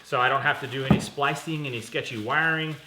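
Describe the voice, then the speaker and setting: A man's voice: mid-range voice, fairly even intonation, fast, reverberant, very noisy. A man hosting a casual car parts unboxing vlog, talking in a chatty, upbeat way and correcting himself as he goes. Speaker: car channel host.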